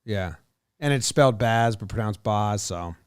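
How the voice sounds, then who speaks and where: A man's voice: lowish voice, expressive, unhurried, smooth, no room sound, studio quality. A man co-hosting a casual sports podcast, talking loosely and swearing now and then. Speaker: podcast co-host.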